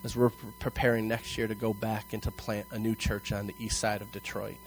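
A male pastor preaching a sermon to a congregation in church, telling a personal story and acting out its dialogue with animated delivery. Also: fairly low pitch, fairly quick, faint music behind, poor audio. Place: church service before a congregation.

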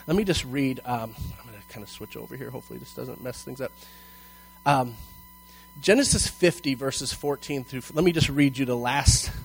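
A man's voice: on the high side, low-quality recording. A man preaching a sermon, reading scripture and explaining it in a conversational, emphatic way, often checking in with "okay?". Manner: slows and stresses key phrases, rising in intensity.

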